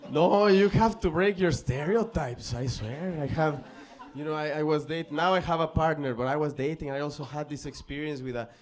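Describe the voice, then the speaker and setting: A man from Mexico performing a stand-up comedy set on stage, telling stories animatedly and acting out voices, with swings between loud and soft delivery. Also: on the high side. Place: comedy stage before a live audience. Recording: live club crowd audible. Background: audience laughter.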